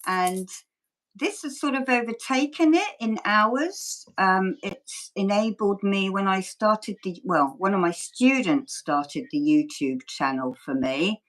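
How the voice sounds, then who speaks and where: A woman's voice: mid-range voice, animated, slow, fairly bright tone. A woman, chatting as a guest over a video call, laughing often and poking fun at herself. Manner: laughs often, self-deprecating, rambling. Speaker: guest, ASMR creator and Reiki healer. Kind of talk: relaxed interview chat.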